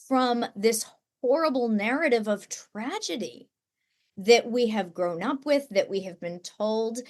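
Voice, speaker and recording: Earnest higher-voiced woman guest. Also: darkish tone. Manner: earnest, tearful at times. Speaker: guest author. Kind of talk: emotional podcast conversation.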